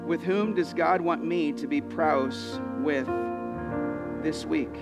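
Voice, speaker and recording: A man's voice: on the high side, slow, long reverb tail, loud music behind the voice. A man in his thirties preaching a sermon, telling personal stories in an earnest way, often restarting his sentences. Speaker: pastor.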